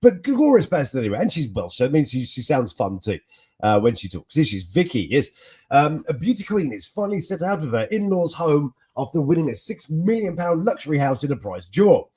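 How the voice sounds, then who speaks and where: A man hosting a casual, jokey news chat with laughing asides and a husky voice. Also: a little high, sing-song, fairly quick, darkish tone. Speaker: host.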